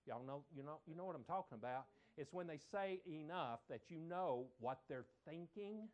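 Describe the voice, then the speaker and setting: A man preaching a sermon, animated and emphatic, often repeating phrases for effect. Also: fairly high pitch, normal speed, dull audio.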